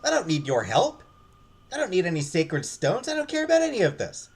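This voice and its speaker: A man's voice: high voice, huge pitch swings, a little fast, breathy edge, full character voice. A man voicing a stubborn young adventurer in a game, talking in urgent, defiant bursts. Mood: frantic.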